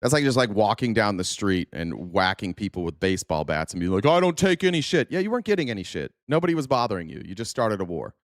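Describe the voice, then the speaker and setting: Ranting livestream host, swings up and down. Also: male voice, low voice, sing-song, fast talker, hardly any pauses, no room sound, studio quality. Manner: heated, sarcastic, swearing, scolding chat commenters. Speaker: livestream host reacting to news. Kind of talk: profane live-stream rant.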